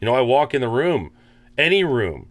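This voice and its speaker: A man's voice: mid-range voice, big pitch swings, moderate pace, dry recording. A man co-hosting a podcast, bluntly arguing about recovery, swearing and mimicking his own past thinking. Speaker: podcast co-host. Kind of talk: casual recovery talk.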